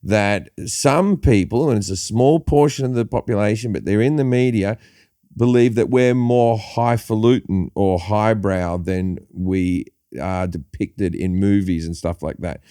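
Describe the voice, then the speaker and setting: A man's voice: lowish voice, unhurried, dark tone, smooth, dry recording, clean studio sound. A middle-aged man with an Australian accent, a guest comedian talking bluntly and with plenty of swearing in a casual podcast chat. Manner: blunt, profane, laughs easily.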